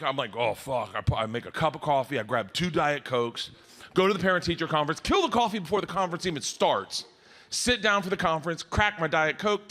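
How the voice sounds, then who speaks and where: A middle-aged man performing a stand-up comedy set on stage, telling rowdy stories loudly with big swings. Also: high voice, slight background noise. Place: comedy stage before a live audience.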